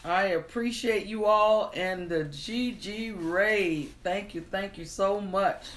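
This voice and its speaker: A woman hosting a live stream, greeting viewers, reading their comments aloud in an unhurried, friendly way, then starting a storybook tale. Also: medium pitch, reverberant. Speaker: livestream storyteller host.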